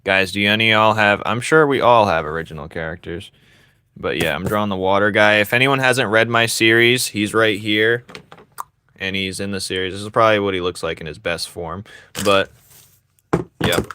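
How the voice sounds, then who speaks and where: A man's voice: fairly low pitch, normal speed, bright, forceful tone, clean tone. A young man chatting casually with his live chat while he draws, teasing and laughing often. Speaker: streamer drawing live and reading chat.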